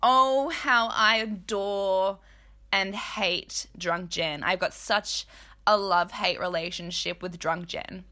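A woman's voice: medium pitch, slow, sharp tone. A woman hosting a casual TV recap, talking in a candid, blunt, chatty way and swearing freely. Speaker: host.

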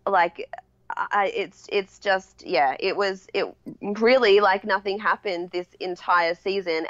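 A woman's voice: mid-range voice, a bit bright, dry recording. A woman chatting casually as a podcast co-host, rambling through sentences with many restarts and fillers. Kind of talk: casual chat. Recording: dry, slightly dull lo-fi sound.

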